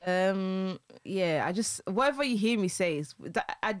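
A woman's voice: mid-range voice, lively intonation, unhurried, dry recording. A young woman with a mild Birmingham accent, co-hosting a casual podcast chat in a teasing way and laughing often. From Birmingham, England. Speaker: podcast co-host.

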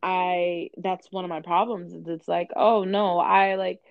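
A young woman talks candidly and swears freely in a casual chat, slipping into quoted back-and-forths as she tells her stories. Her voice sits a little low, and the recording is dull and lo-fi, with a dry, close sound. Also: fairly even intonation, a little slow, gravelly, dry recording. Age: young adult. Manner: candid, profane, acts out conversations.

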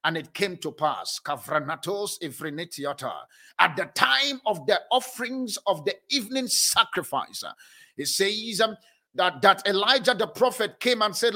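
Male pastor, high bright voice, emphatic sermon delivery, slow scripture reading. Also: animated. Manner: preaching with emphatic declarations and slow drawn-out reading.

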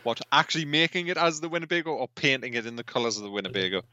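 A man's voice: medium pitch, expressive, very fast, bright, forceful tone, no room sound, muffled recording. A man co-hosting a podcast in casual chat, asking questions and often restarting his sentences. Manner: chatty, asks questions, trails off and restarts. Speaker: podcast co-host.

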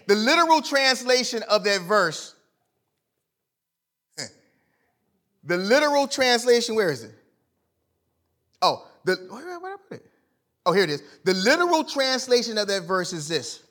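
Male preacher, high bright voice, emphatic sermon delivery with big dynamic swings. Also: sing-song, unhurried, pauses often. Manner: emphatic, swings from loud to quiet; conversational, illustrates with sports stories.

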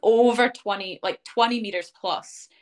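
A dog-owning young woman appears as a guest in an interview, her voice medium in pitch and her speed normal. She chats her way through the tale, leaning on "um" and "like," and voices other people's words as she quotes them.

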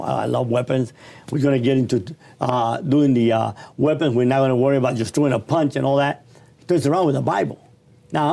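A middle-aged man telling his life story in a casual, animated, slangy and blunt way. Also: mid-range voice, creaky.

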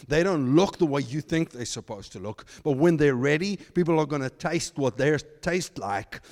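A man preaching a sermon as pastor, animated, slipping into mocking asides in put-on voices. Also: mid-range voice, in a large hall. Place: church.

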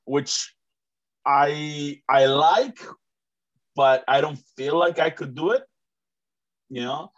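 Host with rambling, excited talk. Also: male voice, on the high side, slow, long pauses. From Mexico. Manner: rambling, many fillers and restarts, enthusiastic. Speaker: host and comedian. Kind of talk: casual chat. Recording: dull, muffled recording.

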